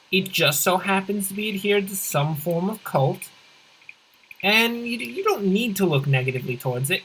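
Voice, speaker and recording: A let's play host giving casual gameplay commentary with rambling, deadpan absurd humor, often correcting themself and swinging pitch and pace for comic effect. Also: a little hiss or hum, poor audio.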